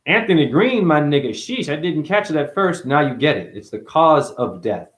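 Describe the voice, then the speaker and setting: A man delivering a rambling spiritual monologue, profane and full of wordplay, who calls the listener honey and swings from mutters to excited outbursts. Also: fairly high pitch, normal speed. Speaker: spiritual speaker. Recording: roomy echo.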